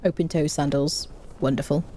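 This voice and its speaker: A woman's voice: low-pitched, steady tone, moderate pace, warm tone, a little hiss or hum. A woman streaming a game live, chatting casually with her viewers and humming little tunes to herself.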